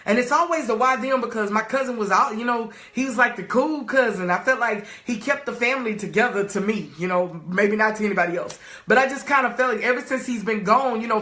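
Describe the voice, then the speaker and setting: A woman's voice: a little high, bright, forceful tone, roomy sound. A woman, a life coach on a live stream, emphatically urging her viewers to type and react. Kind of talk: live-streamed motivational talk.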